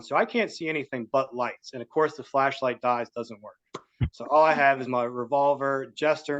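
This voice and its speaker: A man from West Virginia tells his story as a podcast guest, mid-pitched and lively, slipping into the voices of the people he quotes. His audio sounds dull and lo-fi. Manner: animated storyteller acting out quotes. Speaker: guest, cannabis grower. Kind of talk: casual storytelling.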